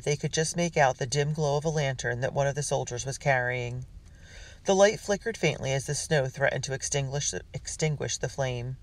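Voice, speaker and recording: A man's voice: mid-range voice, dry recording. Man reading a storybook aloud. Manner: reads with small slips and restarts, voicing characters. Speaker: audiobook narrator. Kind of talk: scripted narration.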